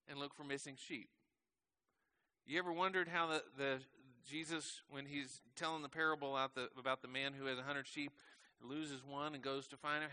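A pastor preaching a sermon in a conversational way, often asking his listeners questions and letting his voice slow and soften at the ends of phrases. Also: on the high side. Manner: conversational, asks the congregation questions; slows and drops softly at the ends of phrases.

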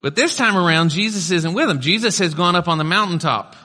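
A long hall reverb surrounds a male pastor whose voice sits high, with lively intonation and a brisk, bright, forceful delivery. He preaches conversationally, adding offhand asides for the congregation.

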